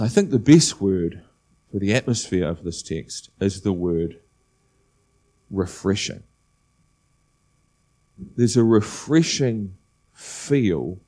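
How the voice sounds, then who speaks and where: A man with a fairly low voice preaches a sermon to his congregation. He talks in an easy, conversational way, then rises into animated emphasis. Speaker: pastor.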